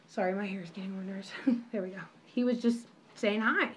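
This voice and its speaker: A woman's voice: mid-range voice, fast talker, hardly any pauses. A young woman telling a story in a casual vlog, rambling and apologetic with many restarts, recorded on her phone at home. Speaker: vlogger.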